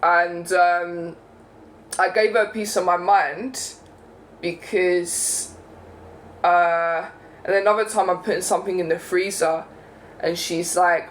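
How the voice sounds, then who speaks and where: Young man, high voice, indignant vlog rant, faint background hiss. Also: little pitch movement, measured pace, pauses often, a bit bright, poor audio. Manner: indignant, repeats "yeah?" and "right?". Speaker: vlogger. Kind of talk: casual monologue rant.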